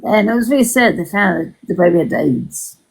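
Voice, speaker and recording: A woman with a gravelly, raspy voice talks in a loose, rambling way. She swears freely and keeps restarting her sentences. It sounds like a casual livestream chat. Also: mid-range voice, expressive, a little fast, low-quality recording.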